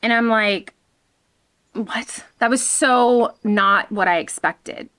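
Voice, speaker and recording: A woman's voice: a little high, takes it slowly, bright, forceful tone. A woman hosting her own vlog outdoors, talking frankly and with animation straight to her viewers. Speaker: vlog host. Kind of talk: candid personal vlog talk.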